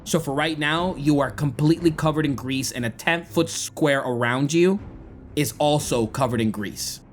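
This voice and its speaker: Game master man, fairly high voice. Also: normal speed, a little hiss or hum. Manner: descriptive, dramatic scene narration. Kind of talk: narrating a tabletop game.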